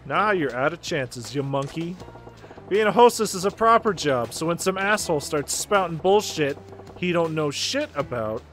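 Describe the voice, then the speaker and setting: A man voicing a smooth-talking male gangster, a bit playful and a bit menacing, with a slow, low, cocky drawl. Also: lively intonation, fairly bright tone, soft background music.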